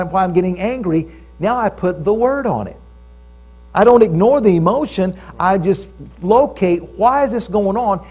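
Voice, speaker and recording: Male preacher, fairly high voice, conversational sermon, checks in with the congregation. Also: a little mellow. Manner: conversational preaching, stresses key phrases, often asks the audience for agreement. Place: church service with audience.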